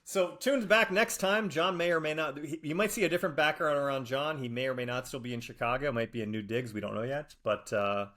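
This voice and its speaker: Man, forties, podcast co-host; mid-pitched, bright, brisk sign-off. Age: 40s. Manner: wraps up the show with a quick sign-off. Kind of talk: casual podcast chat.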